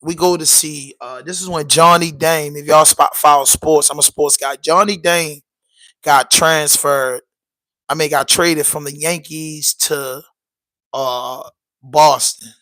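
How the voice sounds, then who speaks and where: Bright-voiced man chatting casually. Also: fairly high pitch, fairly even intonation, slow pace, low-quality recording. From Baltimore. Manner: loose, emphatic, peppered with "you know what I'm saying". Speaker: podcast host. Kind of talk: casual livestream chat.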